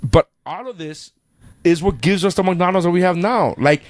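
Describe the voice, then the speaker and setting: Profane, animated man telling a story. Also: high voice, moderate pace, no room sound, studio quality. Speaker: podcast host. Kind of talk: casual chat.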